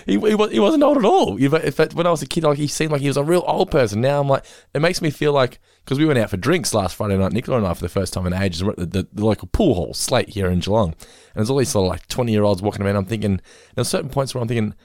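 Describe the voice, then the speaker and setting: A man's voice: mid-range voice, quick pace, no echo, studio quality. A man in his thirties with an Australian accent, co-hosting a casual podcast chat, telling stories and acting out the people in them. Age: 30s. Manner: animated storytelling, swears casually, acts out quoted people. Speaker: podcast co-host.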